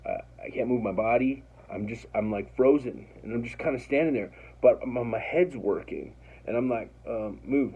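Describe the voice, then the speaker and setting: Husky guy rambling thru a story, swears a lot, kinda muffled lo-fi sound. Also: medium pitch. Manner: rambling, profane, animated retelling with quoted voices. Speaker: podcast host telling a personal story. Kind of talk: casual storytelling monologue.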